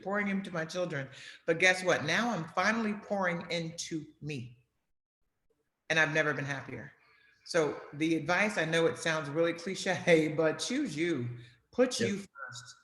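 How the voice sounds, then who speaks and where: A woman's voice: low voice, a bit bright. A middle-aged woman, a guest talking over a video call, emphatic and repeating key phrases for effect. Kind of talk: casual video interview. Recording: roomy echoey sound.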